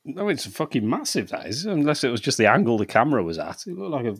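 Sweary man, lively storyteller. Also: mid-range voice, fast, vocal fry, slightly rough, no echo, studio quality. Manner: sweary, animated storyteller who laughs often. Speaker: podcast co-host. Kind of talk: casual chat.

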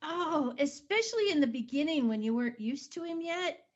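A woman's voice: high-pitched, expressive, lo-fi sound. A woman hosting a casual film discussion in an easygoing way, moving things along with short prompts and agreement. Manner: slow, easygoing, leads with brief prompts and agreement.

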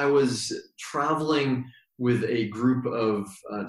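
A man guest on an interview, telling stories in a reflective, meandering way and slowing down for emphasis. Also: mid-range voice. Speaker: yoga teacher, podcast guest. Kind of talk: relaxed storytelling interview. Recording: roomy echo.

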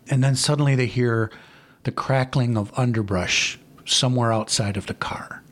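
A man's voice: medium pitch, moderate pace, a bit bright. A man hosting a podcast, telling a scary campfire story with dramatic, suspenseful pacing. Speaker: podcast host.

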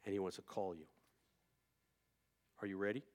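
A male pastor preaching a sermon, moving from quiet storytelling to loud, impassioned preaching. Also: sits low, fairly even intonation, moderate pace.

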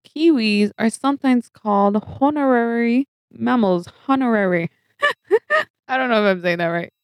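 A woman's voice: medium pitch, a little mellow, no echo. A woman hosting a casual solo podcast who reads out facts and quotes, chatting and giggling at her own asides. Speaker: podcast host.

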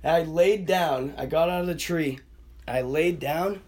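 A man's voice: on the high side, a little slow. A young man telling a wild story in casual chat, swearing constantly and acting out the voices of the people in it. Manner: animated, swears constantly, acts out quoted voices. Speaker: podcast guest storyteller.

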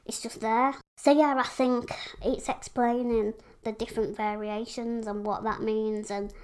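Chatty English woman, slightly high voice. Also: flat delivery, unhurried, darkish tone, clean tone. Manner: chatty, frank, lots of fillers. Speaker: podcast guest. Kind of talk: casual conversation.

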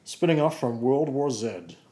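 A man's voice: mid-range voice, animated, measured pace, mellow. A young man co-hosting a comedy podcast, with dry, hesitant asides that trail off into mumbles. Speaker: podcast co-host. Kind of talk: casual comedic banter.

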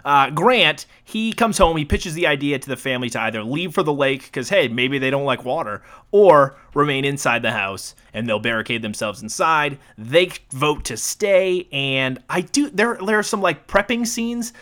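A man co-hosts a casual movie podcast, walking through the plot with loose, profane energy. His voice sits a little high for a man, and he laughs easily between points. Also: animated, normal speed, hardly any pauses, bright, forceful tone. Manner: profane, laughs often, retells scenes with energy. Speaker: podcast co-host. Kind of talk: casual movie recap chat.

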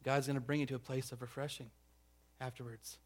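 A pastor preaching a conversational sermon, checking in with the congregation and acting out the grumbling crowd. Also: male voice, mid-range voice, level tone, a little fast. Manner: acts out grumbling crowd voices.

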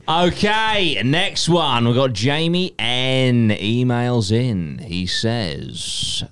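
A man hosting a podcast in casual banter, swearing and laughing with friends. His voice is smooth and resonant, sitting at an ordinary pitch. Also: lively intonation, drawn-out words, a bit bright. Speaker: podcast host. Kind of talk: casual chat.

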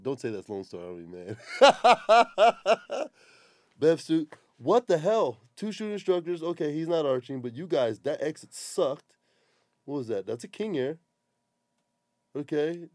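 Hosting a laid-back podcast, this man has a mellow voice on the high side and swears a lot while tearing into skydiving videos with blunt, exasperated critique. The show is casual, profane chat mixed with video commentary. Recorded at studio quality, there's no room sound.

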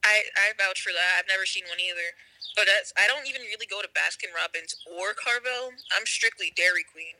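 A young man co-hosting a podcast, trading jokes and quick teasing comebacks in casual chat. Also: high-pitched, bright, forceful tone, slight background noise, poor audio. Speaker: podcast co-host.

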